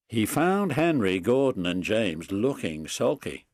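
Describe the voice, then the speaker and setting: A man narrating a children's storybook in a measured storytelling voice. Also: on the low side, very animated, dry recording.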